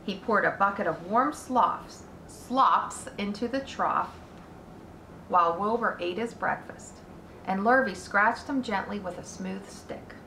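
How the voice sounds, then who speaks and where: A woman teacher reading a children's book aloud in a slow, deliberate manner. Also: mid-range voice, gravelly, sharp tone, slight background noise. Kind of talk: read-aloud storytelling. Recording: roomy echo.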